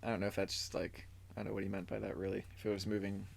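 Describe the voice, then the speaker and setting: A man's voice: lowish voice, monotone, racing, gravelly, slightly rough. Laid-back man rambling through notes. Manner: loose, filler-heavy telling with lots of "like"; recaps from notes and reads quotes aloud. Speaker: podcast co-host. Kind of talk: casual storytelling chat.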